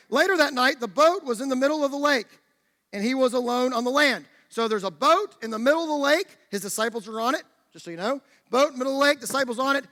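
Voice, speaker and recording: A man with a very high, bright voice delivers a lively sermon, acting out the story as he goes. The sound rings with the long reverb of a church hall. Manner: animated storytelling, acting out the scene. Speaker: preacher.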